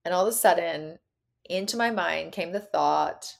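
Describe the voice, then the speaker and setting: Expressive woman telling a personal story. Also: fairly low pitch, normal speed, creaky. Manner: vivid, emotional, acts out quoted voices. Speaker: podcast guest, actor and activist.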